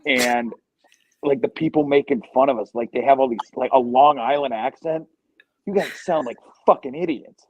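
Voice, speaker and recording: A man's voice: medium pitch, normal speed, darkish tone, highs cut off. A man in his thirties from Ohio, talking as a podcast guest in a rambling, profane, joking way. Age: 30s. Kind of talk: casual podcast chat.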